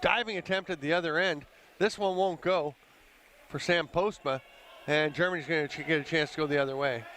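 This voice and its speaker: A man calling a live lacrosse game play by play, brisk and conversational, with the odd chuckle. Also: a little high, fairly bright tone, a little hiss or hum. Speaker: play-by-play commentator. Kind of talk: live sports commentary.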